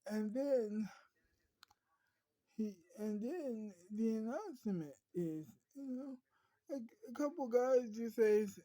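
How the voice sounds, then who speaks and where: A woman's voice: fairly high pitch, animated, slow pace, warm tone, no echo, poor audio. A woman telling an improvised story in a rambling way, often restarting and correcting herself.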